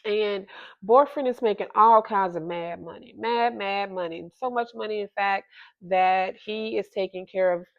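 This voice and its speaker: A woman's voice: medium pitch, creaky. Woman at home telling a hard story, stops and restarts a lot, kinda muffled sound. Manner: halting, emotional, many restarts. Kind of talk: personal story monologue. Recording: slightly dull lo-fi sound.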